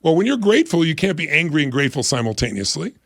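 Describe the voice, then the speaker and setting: Fast, gravelly man on motivation. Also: a little high, no room sound, clean studio sound. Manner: energetic, emphatic, acts out quoted voices. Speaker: guest. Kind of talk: motivational interview talk.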